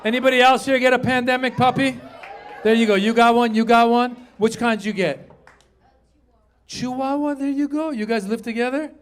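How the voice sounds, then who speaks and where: A middle-aged man doing a stand-up comedy set on a theater stage, telling animated stories, acting out voices and chatting with the crowd. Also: very high voice, moderate pace. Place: theater stage before a live audience. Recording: live room with audience laughter.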